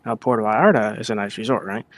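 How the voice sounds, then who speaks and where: A man's voice: lowish voice, fast talker. A man in a casual voice-chat debate who talks bluntly and swears often. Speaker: caller in voice chat. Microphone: headset or desk mic on a voice call.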